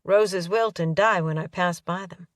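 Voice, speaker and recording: A woman's voice: on the low side, a little slow, dry recording, studio quality, distant mic. A woman reading a romance audiobook aloud, giving the characters light voices of their own. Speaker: audiobook narrator. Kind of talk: scripted narration.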